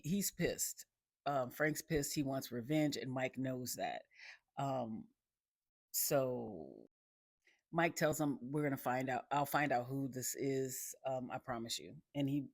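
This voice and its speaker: A TV recapper talks through an episode in a loose, rambling way, often doubling back to correct details and tossing asides to the listener. The voice sits at an ordinary middle pitch, and the recording is dry and close, with no room sound. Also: no room sound. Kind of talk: casual spoken recap.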